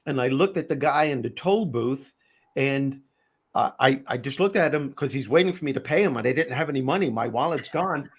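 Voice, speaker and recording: A middle-aged man with a New York accent hosting a casual panel chat, telling animated stories in bursts with many restarts. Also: medium pitch, a little fast, husky. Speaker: host.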